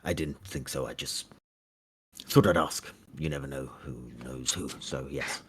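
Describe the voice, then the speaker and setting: A man running a tabletop game as game master, giving brisk, directive calls for rolls. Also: very deep voice, slight background noise.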